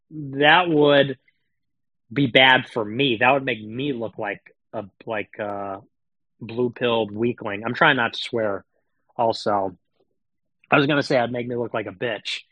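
A man's voice: mid-range voice, pushed and bright, no echo. A man streaming political commentary, talking in a sarcastic, mocking, casual rant. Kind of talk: casual ranting monologue.

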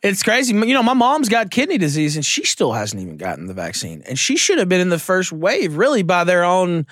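A man in a casual podcast chat, blunt and quick to laugh, swearing freely. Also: sits high, huge pitch swings, a bit bright, no echo, clean studio sound.

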